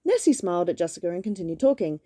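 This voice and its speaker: A woman's voice: on the low side, sing-song, rapid-fire, mellow, dry recording, clean studio sound. A woman reading a children's gift book aloud at home in a playful, chatty way, stopping now and then to banter. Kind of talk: casual read-aloud storytime with banter.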